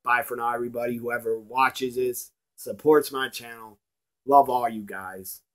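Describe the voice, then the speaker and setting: A man ranting in a blunt, profane video review, slowing down to stress his points. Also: mid-range voice, steady tone, slight background noise. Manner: emphatic, slows down to stress points.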